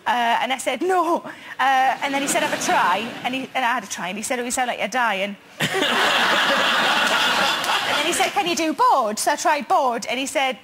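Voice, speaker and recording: Dry woman, high voice. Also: animated, fairly quick, pauses often. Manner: dry self-deprecating storytelling. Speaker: comedian guest. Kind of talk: comic anecdote on a chat show. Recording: studio audience laughter, loud noise.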